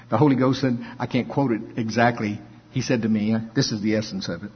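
A man's voice: medium pitch, steady tone, brisk, few pauses. A male preacher giving a conversational sermon, reading scripture aloud and chuckling between his points. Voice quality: husky. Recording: dull lo-fi recording.

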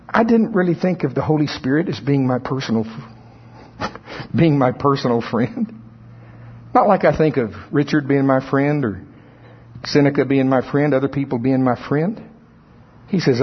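A man preaching a sermon with a husky, slightly breathy voice at an ordinary pitch. His delivery is conversational, and he slips into the voices of churchgoers to make a point. The recording sounds dull and lo-fi. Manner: conversational, playfully acts out congregants' voices.

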